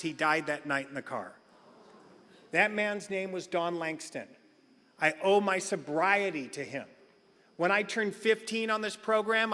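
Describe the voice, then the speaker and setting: A middle-aged man with a high, sharp-toned voice tells a funny personal story at a recovery meeting, acting out other people's lines. Long hall reverb fills the recording.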